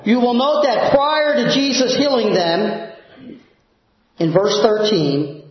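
A male pastor preaching a sermon in a church, emphatic, dropping low and soft for prayers. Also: slow pace. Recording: very echoey, dull church recording.

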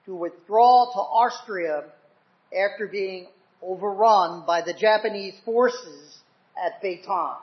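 Older guy preaching, high voice, slow and fervent, kinda muffled lo-fi sound. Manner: fervent, emphatic preaching with dramatic swells. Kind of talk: sermon. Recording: dull lo-fi recording.

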